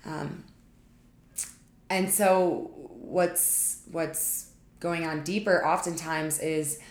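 A woman relationship coach hosting her own podcast, speaking in a chatty, informal way straight to her listeners. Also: on the low side. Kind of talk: solo podcast monologue. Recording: echoey room.

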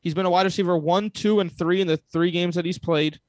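A man's voice: high-pitched, steady tone, a little fast, no room sound. A man co-hosting a sports podcast, arguing his point insistently in casual chat. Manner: insistent, argumentative. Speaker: podcast co-host.

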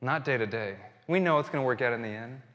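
A man's voice: medium pitch, fast, fairly bright tone. A pastor in his thirties giving a conversational sermon, telling a story with restarts before leading communion and prayer. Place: church sanctuary. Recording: long hall reverb.

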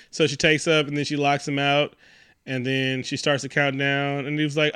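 Casting: male podcast co-host, lively and crude, bright forceful voice, dry close sound. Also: fairly high pitch, brisk, clear, resonant tone, dry recording. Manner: animated, profane, acts out quotes in silly voices. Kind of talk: casual movie recap chat.

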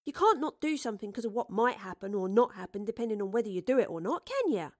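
A woman voicing a plucky, blunt young female companion with a brisk, down-to-earth manner in an audiobook. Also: on the high side, sing-song. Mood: plucky, quizzical.

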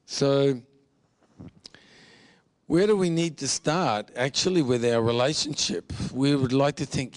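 A man's voice: mid-range voice, unhurried, long pauses, no room sound. A man preaching a sermon in an earnest, confessional way, with humor and repeated phrases. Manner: earnest, confessional, mixes jokes and repetition.

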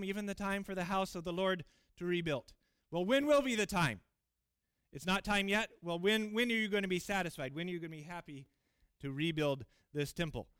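A man's voice: on the high side, fairly bright tone, smooth, no echo, clean studio sound. A man preaching a sermon in church, reading scripture aloud and explaining it in an earnest, emphatic way with frequent fillers and restarts.

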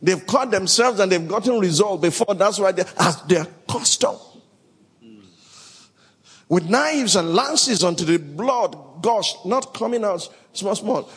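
In a large, echoey hall full of worshippers, a man preaches a sermon in a high, expressive, slightly rough voice at an unhurried pace. He reads from the Bible and calls out to the congregation in dramatic, shouted bursts, drawing call-and-response.

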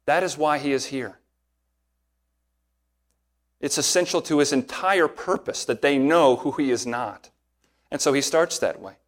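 Male pastor, earnest sermon, emphatic, shifting pace, mid-pitched voice. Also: unhurried, pauses often. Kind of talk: expository sermon.

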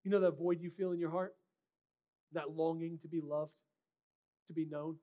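A man's voice: on the high side, little pitch movement, moderate pace, dark tone. A man preaching a sermon as a pastor, in a direct, conversational way with rhetorical questions.

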